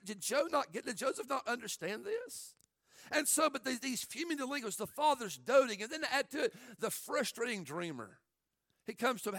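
A man preaching a sermon in an animated way, acting out the people in his story in different voices. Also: extremely high pitch, normal speed, no echo, studio quality. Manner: animated, acts out quotes in varied voices. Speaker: pastor.

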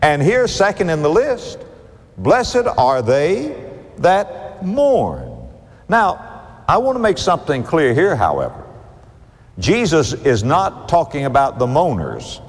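Guy preaching a sermon, big swoopy delivery, slows way down on the key lines, echoey church hall. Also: on the high side, slightly rough. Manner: emphatic, rhythmic preaching with dramatic slowdowns. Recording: long reverb of a large hall.

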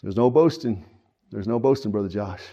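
A man's voice: fairly low pitch, expressive, normal speed, dark tone, slightly rough. A man preaching a sermon as pastor, earnest and folksy, with frequent fillers. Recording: dull lo-fi sound.

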